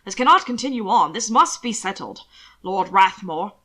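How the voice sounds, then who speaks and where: A woman voicing a portly, fussy older male official who frets loudly, in an audiobook reading. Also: fairly high pitch, sing-song, a little fast, exaggerated voice. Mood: flustered. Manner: flustered, fretful, loud.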